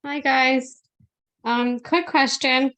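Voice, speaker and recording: Slow, hesitant woman on a video call. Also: high-pitched, steady tone, a bit bright. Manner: hesitant, with many fillers. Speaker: participant asking a question. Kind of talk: casual talk on a video call.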